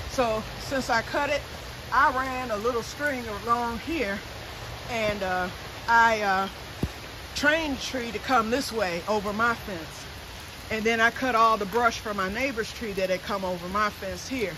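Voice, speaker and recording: A vlogger in their fifties talks casually to camera outdoors in a wooded yard, rambling and hopping from topic to topic. The voice is medium in pitch, with a noisy background.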